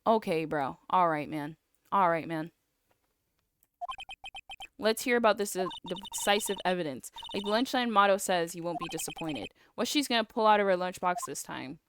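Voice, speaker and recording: A woman's voice: fairly low pitch, animated, moderate pace, background noise. A young woman streaming a game, chatting casually, blunt and exasperated, swearing freely. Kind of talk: casual live-stream chat.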